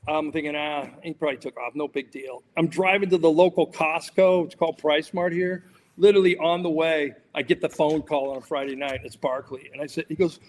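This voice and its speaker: A man's voice: a little high, fairly even intonation, fairly quick, long reverb tail. A man, a sports journalist and podcast guest, telling rambling anecdotes in casual chat, full of fillers and restarts.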